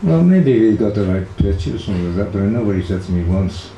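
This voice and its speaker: A man's voice: lowish voice, sing-song, fast talker, mellow, dull audio. An older man with a Liverpool accent, casually reminiscing about his brother in an interview, rambling with many fillers and restarts. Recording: echoey room, faint background hiss.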